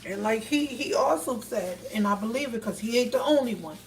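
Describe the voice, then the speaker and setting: A woman on a phone livestream speaks to her viewers in an emphatic, storytelling way. Her voice sits fairly high and sounds a little distant from the mic. A faint hum of background noise runs under her talk. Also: expressive, fairly quick. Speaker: livestream host.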